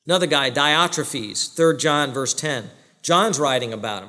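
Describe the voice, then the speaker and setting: A man with a fairly high voice preaches with emphasis, throwing questions at his congregation and answering them himself. His sermon rings through the long reverb of a large church hall. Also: expressive, brisk, hardly any pauses, sharp tone. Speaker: pastor.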